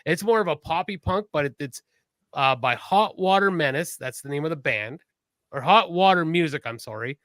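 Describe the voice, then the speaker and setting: Bright-voiced man chatting casually. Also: a little high, animated, normal speed, no room sound. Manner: rambling, self-correcting, enthusiastic about music. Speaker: podcast co-host. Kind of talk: casual chat.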